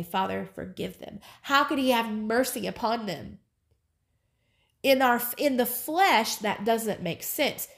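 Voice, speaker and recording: Earnest woman teaching the Bible. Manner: earnest and emphatic, with repeated phrases and sudden rises in pitch. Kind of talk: casual Bible teaching to camera.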